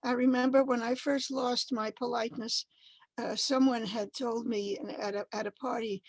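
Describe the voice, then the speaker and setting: A woman from the Dominican Republic tells playful, humorous stories in conversation. Her voice is a little high and husky. The sound is dry and close. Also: fairly even intonation, normal speed, no room sound, low-quality recording. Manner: playful storyteller, warm humor. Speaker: interviewer. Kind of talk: conversational interview.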